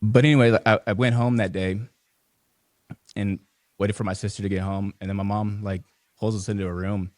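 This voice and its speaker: A man's voice: lowish voice, level tone, moderate pace, long pauses, darkish tone, no room sound, studio quality. A man speaking as a podcast guest in a casual interview, rambling loosely with lots of fillers and restarts. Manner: emotional, holding back tears. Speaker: podcast guest, business founder.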